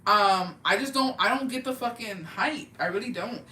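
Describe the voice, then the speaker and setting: Bright, foul-mouthed young storyteller. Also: mid-range voice, normal speed, recorded from a distance, slight background noise. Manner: profane, animated storytelling with slang and Spanish words. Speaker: podcast co-host. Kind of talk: casual chat. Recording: roomy, off-mic with faint ambience.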